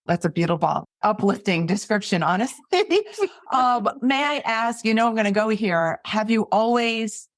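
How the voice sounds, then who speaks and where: A woman hosting an interview podcast, asking encouraging questions in a warm manner. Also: medium pitch, moderate pace, no echo. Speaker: podcast host. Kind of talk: casual interview.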